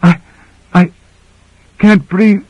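A man's voice: high voice, fairly even intonation, extremely slow, no room sound, dull audio, voice pushed up, exaggerated voice. A man voicing a strained young woman. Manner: strained, breathy speech. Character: young woman crew member in danger.

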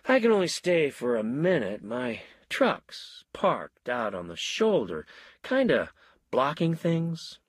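A man's voice: fairly high pitch, huge pitch swings, takes it slowly, hardly any pauses, breathy edge, no echo, clean studio sound, pitched above the performer's own voice, exaggerated voice. A man voicing a small, serious old milkman who talks vaguely and trails off into a daze. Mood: dreamy.

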